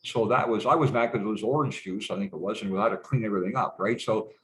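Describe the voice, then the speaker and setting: A man's voice: lowish voice, fast, fairly bright tone, slight background noise, poor audio. A middle-aged man telling stories as a guest in a casual conversation, rambling and hesitant, stopping and restarting, with frequent swearing. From Canada.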